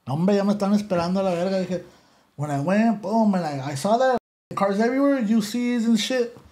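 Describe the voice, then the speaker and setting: Animated, profane man. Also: high voice, fairly quick. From Los Angeles area. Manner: animated, profane, switching between English and Spanish. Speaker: podcast guest. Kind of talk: casual storytelling in an interview.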